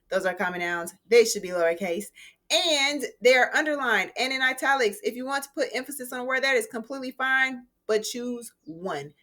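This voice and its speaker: A woman English teacher explaining a writing lesson clearly, with deliberate emphasis. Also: a little high, sharp tone.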